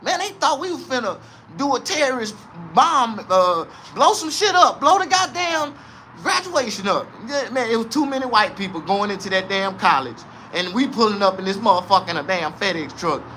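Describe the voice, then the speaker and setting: A man from the South, telling a comedic story in a casual, profane, animated way. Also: sits high, normal speed, a little hiss or hum. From American South.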